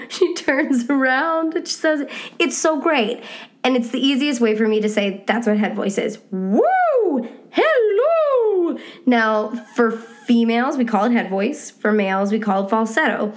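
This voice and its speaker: A woman voice teacher giving a casual, encouraging podcast lesson on singing, now and then dropping into high demonstration sounds. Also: fairly even intonation, moderate pace.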